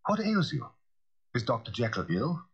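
A man voicing a startled middle-aged lawyer who talks in a brisk, questioning way. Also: fairly high pitch, big pitch swings, slightly rough, dull audio, pitched above the performer's own voice. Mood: alarmed.

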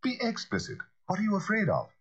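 A man voicing a startled middle-aged lawyer who talks in a brisk, questioning way. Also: high-pitched, wildly swooping pitch, fairly bright tone, husky, highs cut off, voice pushed up, heavily acted. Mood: pressing.

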